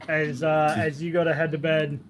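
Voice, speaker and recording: A man's voice: fairly high pitch, little pitch movement, normal speed, a little hiss or hum. A man narrating as game master of a tabletop role-play, casual and amused with many fillers.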